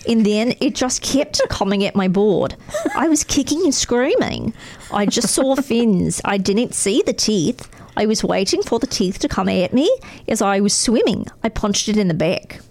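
A woman reading a male surfer's quotes in a put-on Australian accent, relaxed and drawn out. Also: mid-range voice, a little slow. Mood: laid-back. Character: laid-back adult male surfer.

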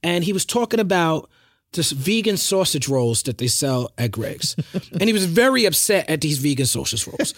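Chill guy hosting a podcast, kinda high voice, rambles thru stories, dry mic. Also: sing-song, moderate pace, no echo. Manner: laid-back, rambling storyteller. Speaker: podcast host. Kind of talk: casual interview chat.

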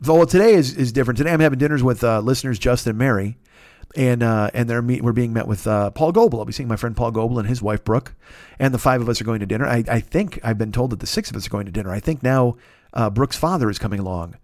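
A man in his fifties hosting a casual solo podcast, rambling and swearing as he tells animated stories. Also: medium pitch, fast talker, dry recording, studio quality. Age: 50s. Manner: profane, rambling, animated storytelling. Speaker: podcast host.

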